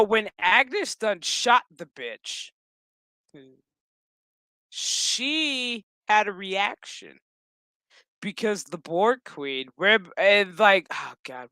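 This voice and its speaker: A man's voice: high-pitched, expressive, slow, sharp tone, smooth, no room sound. A man giving a casual, profane, rambling episode recap with sarcastic asides. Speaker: show recap host.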